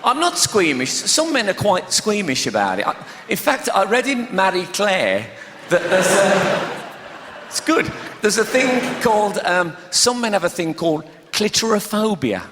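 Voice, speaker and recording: Animated comedian in an echoey hall. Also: male voice, high-pitched, unhurried, slight background noise. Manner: chatty, animated, laughing at his own stories. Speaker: stand-up comedian. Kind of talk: live stand-up storytelling. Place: large theatre with a live audience. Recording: echoey live hall recording with audience.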